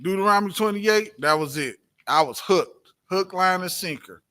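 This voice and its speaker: A man with a high, bright voice preaches emphatically in a religious class at a normal pace, his tone expressive and forceful. He repeats his points and poses rhetorical questions in this preaching-style class talk.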